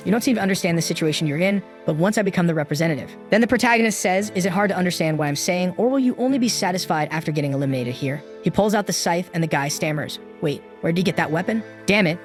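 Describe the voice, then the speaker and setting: Guy retelling a comic story fast and casual, voices all the lines himself, soft music under it. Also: high-pitched. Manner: retells the story in a loose spoken style, voicing every character's lines himself. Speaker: narrator. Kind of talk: casual recap narration of a comic.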